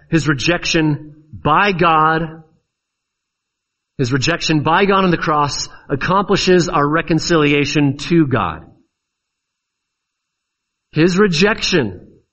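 A man's voice: fairly high pitch, bright, forceful tone, muffled recording. A man preaching a sermon in an earnest, pleading way, pressing questions on his listeners.

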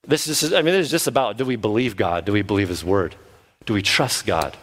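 A man's voice: lowish voice, a little fast, fairly bright tone. A man, a pastor, preaching an earnest sermon and now and then acting out the voices of the people he quotes.

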